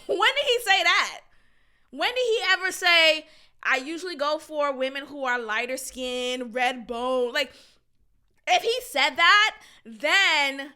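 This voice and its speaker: A woman hosts a podcast, chatting casually and bluntly about a reality show, offering strong opinions while swearing and laughing often. Her voice is high-pitched, bright and forceful.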